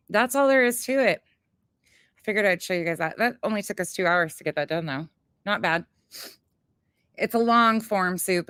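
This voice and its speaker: Blunt, low-voiced woman chatting on a livestream. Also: fairly bright tone, dry recording, clean studio sound. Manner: chatty and blunt, swears freely, laughs often. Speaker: livestream host. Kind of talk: casual cooking livestream chat.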